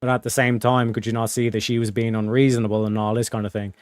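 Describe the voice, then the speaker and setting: A man's voice: mid-range voice, little pitch movement, fast talker, darkish tone, clear, resonant tone, no room sound, studio quality. A man chatting casually as a streamer host, rambling with lots of fillers, restarts and casual swearing. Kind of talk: casual chat.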